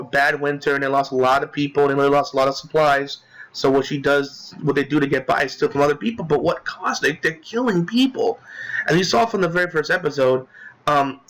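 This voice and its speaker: Young male gamer commentator, a bit high-pitched, loose and rambling, worked up about a villain. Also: a bit bright, low-quality recording. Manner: rambling, many fillers and restarts; indignant about a character. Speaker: let's play commentator. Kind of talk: casual game commentary.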